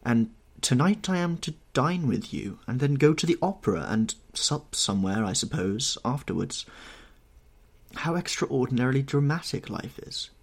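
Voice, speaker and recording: A man voicing an impassioned, self-absorbed young English gentleman in an audiobook reading, with a husky tone and heightened emotional delivery. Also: mid-range voice, animated, moderate pace. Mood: dreamy.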